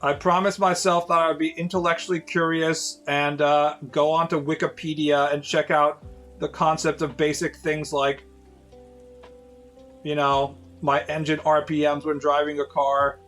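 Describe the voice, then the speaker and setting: A man's voice: on the high side, little pitch movement, moderate pace, a bit bright, faint music behind. A man in his late thirties, a streamer casually telling rambling, profane stories to his viewers with lots of fillers. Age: 30s.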